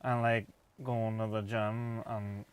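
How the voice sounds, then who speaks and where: A laid-back young gym lad with a Northern English accent, as a man puts him on. He drags each word out in a flat, slow drawl, a little lower and quieter than a normal speaking voice. The sound is dry and close. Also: clear, resonant tone, dry recording. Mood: deadpan. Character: slow-talking young male gym-going reality star.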